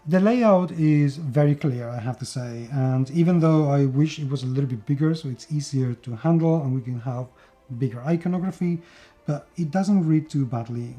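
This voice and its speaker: A man's voice: mid-range voice, mellow. A man from Spain with a Spanish accent, chatting enthusiastically through a board game unboxing with plenty of fillers and restarts. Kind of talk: casual unboxing video.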